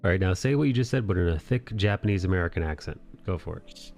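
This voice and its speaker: A man's voice: low voice, animated, fast talker, vocal fry, darkish tone, faint music behind. A man hosting a live art stream, chatting casually and joking, with rambling restarts. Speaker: streamer host.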